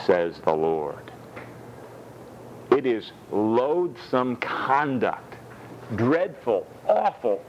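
A man preaching a sermon as a pastor, moving from lively storytelling with acted-out doctor and patient voices to measured, emphatic reading of scripture in a church hall. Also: on the low side, a little hiss or hum. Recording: dull lo-fi sound with faint room ambience.

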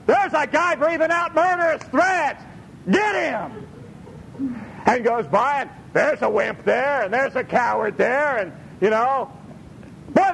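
Guy preaching, high voice, lively and jokey, acts out the bible voices, faint rumble in the back. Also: low-quality recording. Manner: animated, acts out Bible voices, laughs often. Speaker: pastor. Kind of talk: sermon.

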